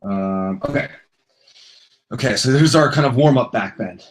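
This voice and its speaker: A young man talks a viewer through a short yoga routine from the floor. His delivery is relaxed and jokey, slipping in goofy asides between breathing cues. His voice sits at an ordinary middle pitch. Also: unhurried. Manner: jokey, loose and playful, with silly asides. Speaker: yoga instructor. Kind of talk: casual yoga class instruction. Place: indoors on a floor.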